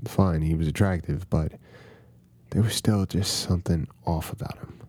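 A man's voice: deep voice, steady tone, moderate pace, darkish tone, breathy edge, dry recording. A man hosting a podcast, narrating a first-person horror story in a conversational, confiding way.

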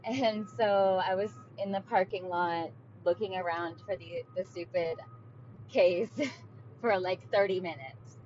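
A woman's voice: on the low side, fairly even intonation, a little slow, a little mellow, slight background noise. Chatty woman vlogging on dull lo-fi audio. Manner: chatty, many fillers and "like". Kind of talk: casual confessional storytelling.

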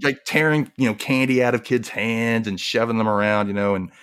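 A man's voice: mid-range voice, fairly even intonation, a little fast, fairly bright tone, clean tone. A man co-hosting a casual book-recap chat, retelling the plot loosely with lots of "like" and "you know.". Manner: loose, filler-heavy retelling with frequent laughs. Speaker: podcast co-host.

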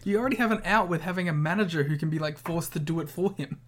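A man's voice: fairly high pitch, fast. Blunt, profane male podcast co-host. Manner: blunt, profane, acts out scenarios. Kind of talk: casual chat.

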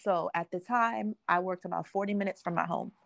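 A woman's voice: on the low side, fairly quick, vocal fry, dry recording. A young adult woman hosting a podcast, telling a story in casual chat and acting out the quotes, laughing often. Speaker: podcast host.

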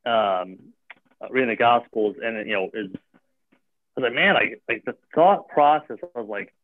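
A man's voice: medium pitch, a little slow, no room sound. A man talking casually as a guest, rambling with lots of filler words and restarts. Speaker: gym owner or coach. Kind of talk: casual chat. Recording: tinny phone-like line, dry.

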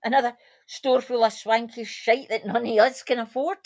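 A woman's voice: fairly high pitch, steady tone, moderate pace. A woman playing a blunt Glaswegian bingo regular. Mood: sharp. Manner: blunt, sharp-tongued. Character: blunt, sharp-tongued working-class bingo regular, woman. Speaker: bingo player. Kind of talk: radio drama acting.

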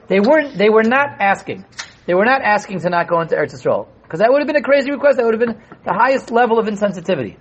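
A man teaching a Torah class to a live group, animated, asking rhetorical questions and acting out voices. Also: high voice, slight background noise. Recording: dull lo-fi room recording.

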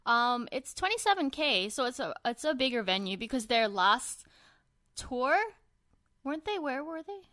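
A woman co-hosting a podcast in casual chat, chatty and quick with asides, swearing now and then. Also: high voice, sing-song, sharp tone, no echo, studio quality. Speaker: podcast co-host. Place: LA area.

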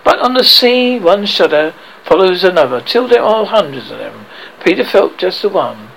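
Gravelly man reading a storybook. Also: high-pitched, big pitch swings, moderate pace, a bit bright, a little hiss or hum, low-quality recording. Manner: reads with frequent stumbles and self-corrections. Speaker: audiobook reader. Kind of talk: storybook narration.

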